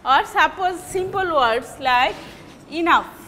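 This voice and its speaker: A woman with a Bangladeshi English accent, giving a classroom lecture on word stress in slow, halting phrases and repeating example words. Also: very high voice, expressive, a bit bright, long reverb tail, slight background noise. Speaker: English teacher.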